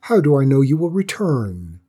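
A man's voice: mid-range voice, big pitch swings, moderate pace, dark tone, slightly rough. A man voicing a fierce but grieving mother dragon, pleading and tearful in a raised voice. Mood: insistent.

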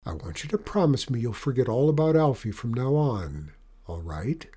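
A stern but loving mother dragon, as a male narrator plays her, lecturing her son in a measured voice. The tone stays warm and dark. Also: medium pitch, big pitch swings, slightly rough.

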